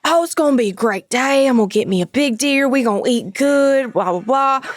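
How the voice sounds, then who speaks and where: A woman's voice: high-pitched, lively intonation, brisk. A woman imitating her stepfather, a cheerful, coaxing middle-aged man from Louisiana with a Louisiana drawl.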